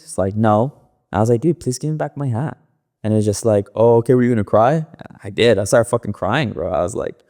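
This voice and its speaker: Fairly low in pitch and darkish in tone, this young man's voice comes from the Los Angeles area. As a podcast guest, he rambles through loose, profane stories in casual, filler-heavy interview talk.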